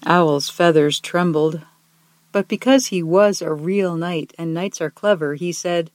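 A storyteller reading a children's picture book aloud, gently and expressively, slowing down on key words. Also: mid-range voice, no room sound. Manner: gentle, expressive, soft-spoken, slowing for emphasis.

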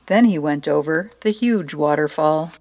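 A woman with a slightly low voice reads a storybook aloud with playful expression. Her delivery is warm-hearted and easy to follow. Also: unhurried. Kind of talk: storybook narration and short devotional.

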